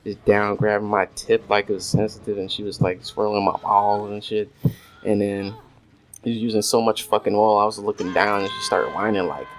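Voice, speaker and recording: Over faint noise and clicking of a mouse, a man games at home and casually tells a crude story, rambling and loaded with swearing and filler words. He has a lowish voice with little pitch movement and a moderate pace, captured roughly on a desk USB microphone.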